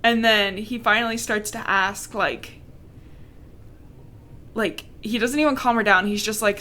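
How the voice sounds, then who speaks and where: A woman's voice: medium pitch, a little slow, pauses often, pushed and bright. A woman co-hosting a casual podcast, recapping a novel with sarcasm and swearing, mocking the characters' lines. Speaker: podcast co-host recapping a book. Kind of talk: casual chat.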